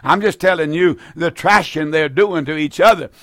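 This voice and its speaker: A man's voice: fairly high pitch, normal speed, a bit bright, no echo, clean studio sound. An older man, preaching urgently on the radio and taking calls, repeating and pleading. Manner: fervent, urgent, repetitive pleading. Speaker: radio preacher and call-in host. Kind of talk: evangelistic radio preaching with call-in.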